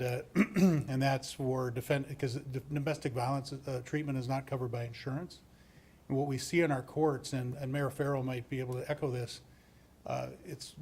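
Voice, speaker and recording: A man, a judge, giving a formal presentation to a city council, speaking in a measured way with frequent restarts. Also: medium pitch, a little mellow, slight background noise. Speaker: municipal court judge. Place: council chamber.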